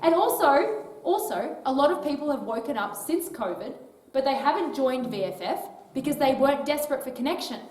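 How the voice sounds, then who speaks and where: A touring public speaker from Australia talks casually to a live audience inside an old library hall, her high, darkish voice lively in intonation and a little fast. Chatty, she often asks "right?". The recording echoes, with her voice coming from far off.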